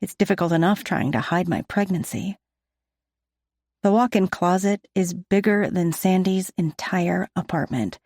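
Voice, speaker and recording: A woman narrating a first-person audiobook in a steady, even storytelling manner on a close studio mic. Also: fairly low pitch, measured pace, no room sound.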